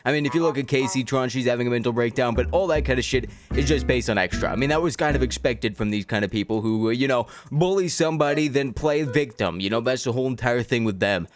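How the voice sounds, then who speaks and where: A man's voice: mid-range voice, fast, few pauses. A man ranting sarcastically with lots of swearing while doing commentary for his YouTube video.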